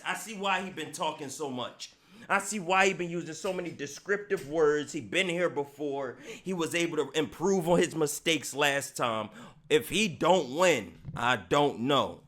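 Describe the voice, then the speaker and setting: A man hosting a live reaction stream, talking casually with loud, joking outbursts. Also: a little high, lively intonation, moderate pace. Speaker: livestream host reacting to videos.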